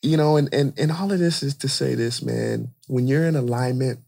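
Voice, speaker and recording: A man who is an inspirational speaker, a guest on a podcast, telling a story in animated conversation and repeating phrases for emphasis. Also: mid-range voice, normal speed, creaky.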